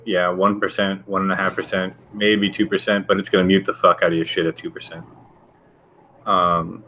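This is a man with a very low voice who co-hosts a casual chat show. He talks bluntly and rants, swearing in nearly every sentence. A faint hiss sits under his voice. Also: fairly bright tone. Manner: blunt, swears constantly, ranting. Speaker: show co-host.

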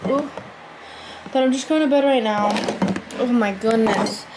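A woman's voice: on the high side, unhurried, background noise. A teenage girl vlogging at home on her phone camera, exhausted and rambling with lots of fillers. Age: teens. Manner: rambling, tired, filler-heavy talk. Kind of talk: casual vlog chat.

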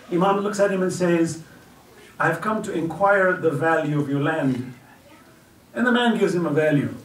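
A man giving an earnest storytelling religious lecture at a community celebration, dropping low and soft whenever he quotes someone. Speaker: guest speaker at a religious celebration. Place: community center hall at an event. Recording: echoey hall picked up from far off.

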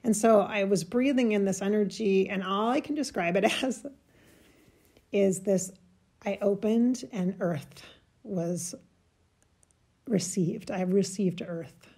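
A woman telling a personal spiritual story in a halting, emotional way, searching for words and getting choked up. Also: medium pitch, a little mellow, husky. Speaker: spiritual channel host.

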